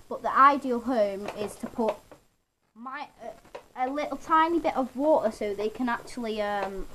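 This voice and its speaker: Halting, rambling woman vlogger. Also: a little high, fairly bright tone, a little hiss or hum, poor audio. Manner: rambling, halting explanations with many restarts. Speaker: vlogger showing her pet toad. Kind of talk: casual show-and-tell. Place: home.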